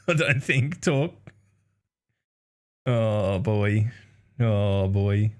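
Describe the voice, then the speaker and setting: Australian man, podcast host, lively swinging pitch, crude teasing banter, laughs a lot. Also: very slow, long pauses. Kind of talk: casual chat.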